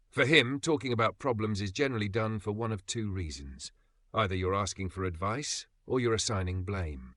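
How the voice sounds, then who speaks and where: A man reads self-help narration in a low voice with a bright, forceful edge. He explains each point in a steady, even way. The recording is dry and close, with no room sound. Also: no room sound. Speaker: audiobook narrator.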